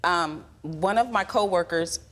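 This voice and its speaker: A woman's voice: lowish voice, unhurried, very noisy. A woman in her forties, a litigant on a court show, talking at length and acting out what was said. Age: 40s. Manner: talkative storyteller, acts out dialogue.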